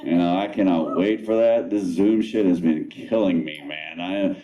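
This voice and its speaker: A man's voice: deep voice, moderate pace, highs cut off. A man in his thirties doing a rambling, self-mocking stand-up comedy set on a club stage, swearing casually. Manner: laid-back, rambling, profane, self-mocking.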